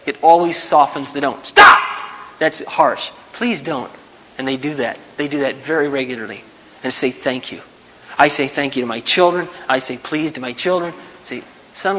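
A man's voice: fairly high pitch, a bit bright, lo-fi sound. Man preaching in a reverberant hall. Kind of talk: sermon. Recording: hall reverb, faint background noise.

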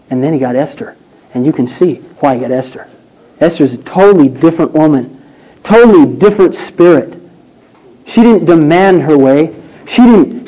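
A man preaching a sermon, emphatic and rhetorical, swinging between loud declarations and hushed questions. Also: on the high side, dull audio.

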